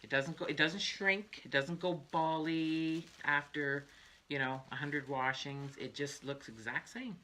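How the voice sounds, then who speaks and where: A woman's voice: deep voice, steady tone, unhurried, bright, forceful tone. An older woman hosting a craft livestream, chatting in a rambling way, laughing often and drifting into asides. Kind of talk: rambling casual chat.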